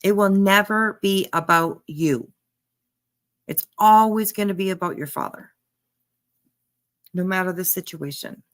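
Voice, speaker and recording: A woman's voice: medium pitch, a little slow, long pauses. A woman reacting to a clip on a live stream, blunt and emphatic, talking straight back at the person on screen. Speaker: commentary streamer.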